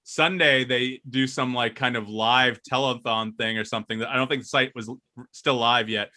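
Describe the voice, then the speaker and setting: A man's voice: medium pitch, fairly even intonation, normal speed, pushed and bright. A young man co-hosting a podcast, telling a rambling story with frequent laughs and swearing. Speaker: podcast co-host. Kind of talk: casual podcast banter.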